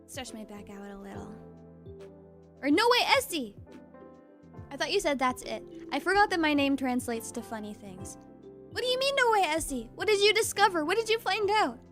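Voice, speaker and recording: A woman's voice: high voice, very animated, moderate pace, a bit bright, faint music behind. A woman streamer chatting casually with her viewers, bubbly and giggly, reading chat aloud.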